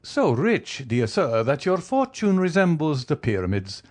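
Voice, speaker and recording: A man voicing a wealthy, coolly ironic middle-aged count who talks in a teasing, measured way. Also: a little high, very animated, pitched above the performer's own voice. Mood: amused. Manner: teasing, measured, faintly mocking.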